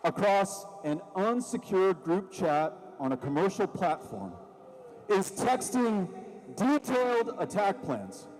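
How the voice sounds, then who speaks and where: High-voiced man giving an impassioned rally speech. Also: very animated, takes it slowly. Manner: impassioned and sarcastic, building to loud emphasis. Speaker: rally speaker. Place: large rally venue with a crowd. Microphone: microphone at a stage. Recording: long reverb of a large venue.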